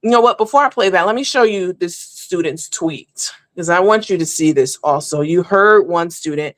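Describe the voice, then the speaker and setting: A woman's voice: lowish voice, moderate pace, no room sound. A woman hosting a live online show, talking casually and at length to her viewers, calling them honey and baby. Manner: chatty, rambling, addresses viewers as honey and baby. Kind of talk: casual live-stream commentary.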